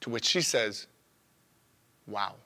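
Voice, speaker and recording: Man, 20s, raw profane spoken-word monologue, bright slightly high voice. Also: normal speed. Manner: raw, profane, swinging from loud outbursts to hushed confession.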